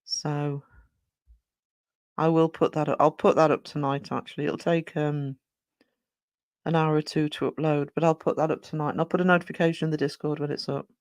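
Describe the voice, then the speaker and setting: In a dry recording, a medium-pitched live-stream host chats and rambles casually. They thank viewers and read chat aloud, often using fillers, restarting, and correcting themselves.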